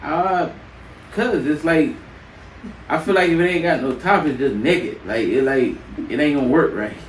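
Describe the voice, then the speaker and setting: A man co-hosting a podcast with his partner, using relaxed slang and teasing her with laughter. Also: a little high, moderate pace. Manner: laid-back slangy talk, teasing with laughter. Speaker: podcast co-host. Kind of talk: casual couple chat. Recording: roomy, distant mic, faint noise.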